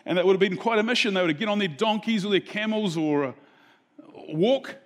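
A man preaching a sermon, telling a Bible story in a relaxed, conversational way and asking the audience questions. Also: high-pitched, a little fast. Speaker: pastor.

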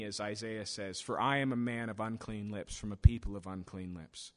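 A man's voice: lowish voice, normal speed, hardly any pauses. A man preaching a sermon in storytelling fashion, acting out quoted voices as he builds intensity. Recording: long hall reverb.

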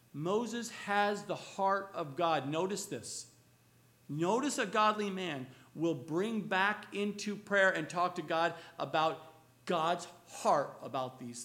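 Preaching to his congregation, a fairly high-voiced male pastor asks them questions and moves back and forth between booming emphasis and quiet, slow passages.

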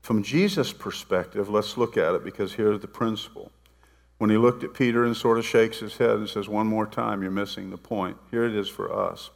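A man preaches to his congregation, mixing scripture retellings with casual, playful asides. His voice has a gravelly edge. The sound carries a long reverb from a large sanctuary. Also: on the low side, moderate pace. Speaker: pastor. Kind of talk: sermon. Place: church sanctuary.

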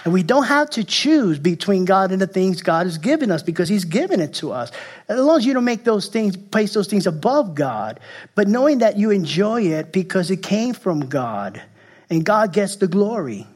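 High-voiced man preaching a sermon. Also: sing-song, moderate pace, a little mellow. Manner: repeats and restarts phrases, emphatic, jokes at himself. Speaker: pastor.

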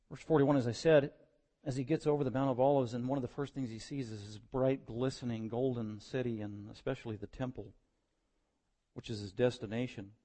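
A man preaching a sermon, moving between quiet verse-by-verse teaching and loud, impassioned stretches. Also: medium pitch.

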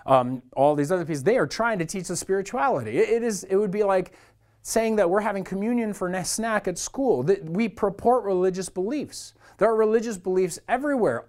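A man's voice: high-pitched, a little mellow. A man preaching a sermon as a church pastor, talking to the congregation in an earnest, conversational way.

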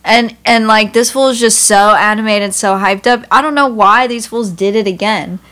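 A woman's voice: a little high, normal speed, a bit bright. A woman guest on a podcast, chatting casually and telling stories in slangy speech full of "like". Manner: storytelling with slangy filler "like". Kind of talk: casual chat.

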